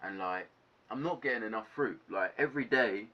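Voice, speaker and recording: A young man telling a casual storytime to camera, animated, ranting and swearing a lot. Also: fairly low pitch, brisk. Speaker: vlogger. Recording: dull lo-fi sound.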